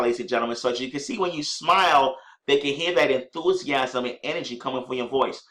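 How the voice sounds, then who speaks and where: Clearing his scratchy throat, a fast-talking man with a medium-pitched voice coaches listeners on network marketing conference calls, eagerly demonstrating sample greetings in an upbeat tone. He often says ladies and gentlemen, and the recording has an echoey room sound.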